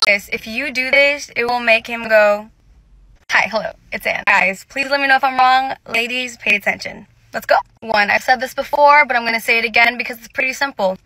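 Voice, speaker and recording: A woman's voice: fairly high pitch, fairly quick, hardly any pauses, bright, forceful tone, no room sound. A young woman giving casual dating advice straight to camera, sassy and direct, calling her listeners sis.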